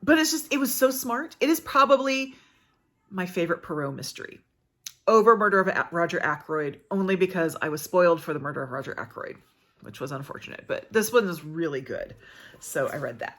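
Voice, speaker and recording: A woman's voice: lowish voice, lively intonation, brisk, a bit bright. An American woman reviewing books in casual, chatty talk, thinking aloud with plenty of fillers and restarts. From United States. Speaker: book vlogger. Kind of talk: casual book review chat.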